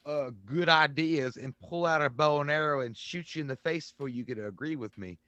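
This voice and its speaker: A man's voice: fairly high pitch, normal speed, hardly any pauses, sharp tone, no room sound. A man co-hosting a casual movie podcast, joking crudely and slipping into silly voices. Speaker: co-host.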